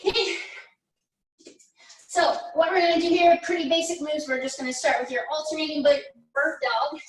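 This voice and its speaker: A woman's voice: sits high, fairly even intonation, moderate pace. A woman leading a pilates workout class, chatty and encouraging as she counts down reps. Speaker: pilates instructor. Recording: echoey room, mic at a distance.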